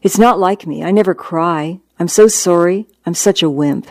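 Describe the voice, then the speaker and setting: A reader voicing a middle-aged dying woman who talks softly, slowly and apologetically. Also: no echo, clean studio sound. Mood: tearful. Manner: soft, apologetic, slow and low.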